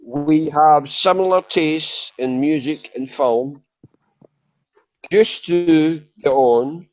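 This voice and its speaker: A man in an online voice chat speaks slowly, with a voice on the high side and a dry recording. He's a chat room panelist in an emotional conversation, woozy and drowsy from medication, rambling, apologizing and repeating himself. The audio is dull, lo-fi voice chat quality.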